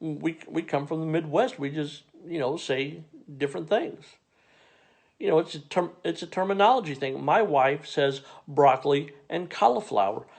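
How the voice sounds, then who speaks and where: Stand-up storyteller, male, from Missouri: gravelly, higher-pitched, dry, exasperated, flares into disbelief. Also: moderate pace. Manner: dry, exasperated, bursts into incredulous rants. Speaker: stand-up comedian. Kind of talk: comedic storytelling monologue.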